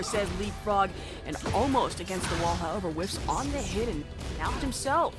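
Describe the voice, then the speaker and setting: A young woman commentating a fighting game match, excitable and playful, joking and laughing between calls. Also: medium pitch, moderate pace. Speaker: esports commentator. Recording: loud music bed behind.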